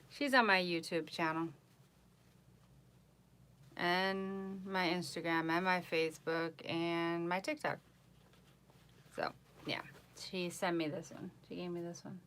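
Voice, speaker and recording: A woman's voice: fairly low pitch, fairly bright tone. A woman with a New York accent, chatting casually on a livestream and answering viewers' comments as she goes. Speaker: psychic reader livestreaming.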